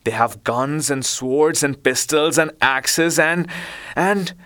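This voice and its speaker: A man voicing a quick-witted young girl in a storybook reading, with a raised, breathless pitch. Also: a bit bright, clean tone. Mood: urgent.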